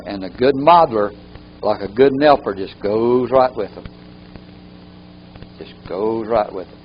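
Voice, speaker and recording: A man's voice: mid-range voice, dull audio, slight background noise. A man teaching a live training workshop, often repeating key phrases for emphasis.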